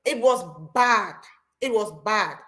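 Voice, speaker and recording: Woman hosting, fairly high pitch, lively storyteller who repeats phrases. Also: slow pace. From Cameroon. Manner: animated storytelling, repeats herself. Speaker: host. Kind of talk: casual chat.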